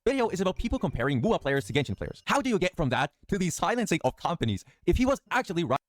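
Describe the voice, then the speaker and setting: A man's voice: high voice, sing-song, very fast, no echo. A man in a commentary video, speaking with a mocking, incredulous tone.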